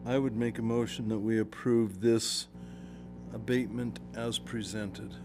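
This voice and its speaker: Low-voiced man making formal motions. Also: fairly even intonation, unhurried, noisy background. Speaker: county commissioner. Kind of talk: making motions at a public meeting.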